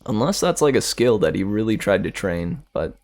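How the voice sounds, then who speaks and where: A male streamer and voice actor chatting casually with viewers, relaxed and slangy, laughing often. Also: lowish voice, normal speed.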